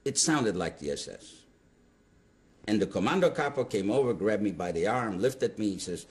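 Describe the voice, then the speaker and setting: Older man, lowish voice, lively pitch, interview testimony, halting restarts. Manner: animated storytelling with halting restarts. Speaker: Holocaust survivor giving testimony.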